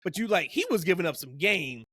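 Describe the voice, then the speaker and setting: A man's voice: high-pitched, animated, brisk, fairly bright tone, husky, dry recording, clean studio sound. A man co-hosting a podcast, chatting casually and rambling with lots of "like" and "you know". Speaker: podcast co-host. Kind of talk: casual chat.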